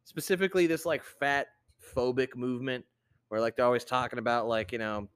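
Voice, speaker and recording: A young man hosting a casual podcast, swearing constantly and ranting with loud outbursts. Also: mid-range voice, fairly even intonation, brisk, clean tone. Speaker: podcast host.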